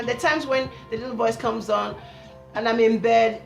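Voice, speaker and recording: A woman's voice: a little high, expressive, normal speed, faint music behind. Earnest woman vlogger in an echoey room. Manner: earnest storytelling, acts out inner voice quietly. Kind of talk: casual talking-to-camera vlog.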